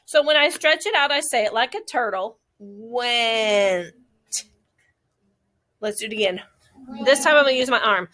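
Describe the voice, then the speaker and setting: A woman teaching a phonics lesson to a class of young children, slowly stretching out the sounds of words. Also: sits high, expressive, pushed and bright.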